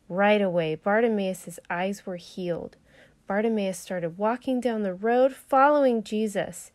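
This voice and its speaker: A woman teacher reading a Bible story to children in an animated, expressive way. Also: medium pitch.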